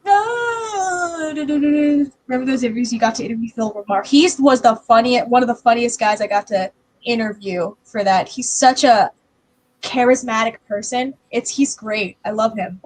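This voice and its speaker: A woman co-hosting a casual livestream chat over a video call, telling stories in an animated way and acting out what people said. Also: on the high side, normal speed, a little hiss or hum. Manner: animated storyteller, acts out quotes. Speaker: livestream co-host.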